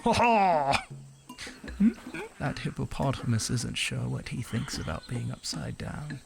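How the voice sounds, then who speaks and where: A woman's voice: a bass voice, fairly even intonation, moderate pace, gravelly. A woman reading a children's picture book aloud in a sing-song way, stopping to chat about the pictures.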